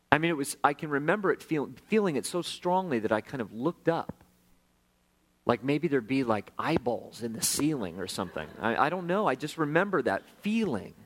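Conversational man preaching a testimony. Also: medium pitch. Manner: conversational, self-deprecating, swings from hushed to animated. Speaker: pastor. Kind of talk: sermon storytelling.

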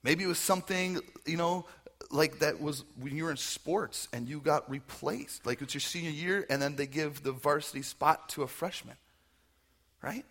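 A man preaching a conversational sermon, animated, often acting out quoted voices. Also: fairly high pitch, normal speed. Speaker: pastor.

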